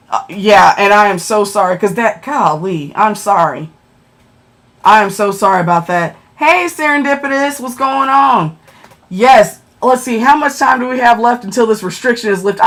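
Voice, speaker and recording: A woman hosting a casual livestream, chatting with viewers, answering them by name and often checking in with "okay?". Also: mid-range voice. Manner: chatty, keeps tagging lines with "okay?". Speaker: livestream host.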